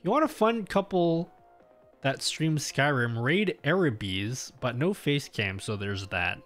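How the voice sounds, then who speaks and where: A young Australian man hosting a casual livestream speaks slowly but very animatedly in a mid-range, slightly bright voice. He rambles to his viewers, filling gaps with fillers and restarting and interrupting himself, while faint music plays.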